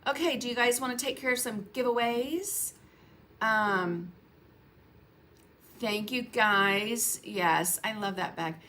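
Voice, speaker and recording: A woman's voice: a little high, takes it slowly, pauses often, bright, forceful tone. Chatty woman hosting a painting livestream. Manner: chatty, greets viewers by name, laughs often. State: coughing, frog in her throat. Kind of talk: casual livestream chat. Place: home painting studio.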